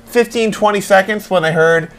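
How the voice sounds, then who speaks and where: A man's voice: high-pitched, moderate pace. A man co-hosting a casual comedy tech show, joking around and laughing a lot. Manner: jokey, shouts silly bits, laughs a lot. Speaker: co-host.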